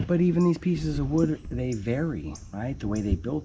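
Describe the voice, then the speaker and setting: A man's voice: medium pitch, lively intonation, moderate pace, noisy background. Playful man explaining a roof job. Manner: playful, joking, calls viewer "baby cakes". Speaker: homesteader building his house. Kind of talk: casual how-to explanation.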